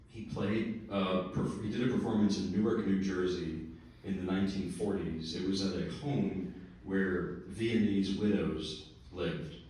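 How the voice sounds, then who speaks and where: Low-voiced male pianist, relaxed anecdotal talk from the stage, recorded from afar in a reverberant hall. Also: distant mic, slight background noise. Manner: relaxed storytelling with laughs and asides. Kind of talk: lecture-recital remarks. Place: recital hall.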